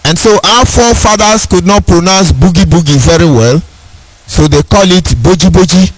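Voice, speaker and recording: A man's voice: high voice, moderate pace, dry recording, poor audio. A Nigerian man giving an impassioned speech, stressing his points by repeating questions and phrases. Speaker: speaker.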